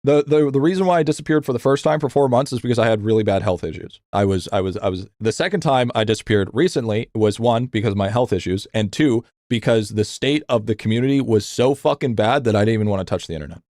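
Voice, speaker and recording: With a quick pace and hardly any pauses, a young man rants profanely during a game livestream, reading chat as he goes. He's animated and rambling, repeating phrases and restarting with stammers, his pitch rising as he vents; the studio sound has no echo.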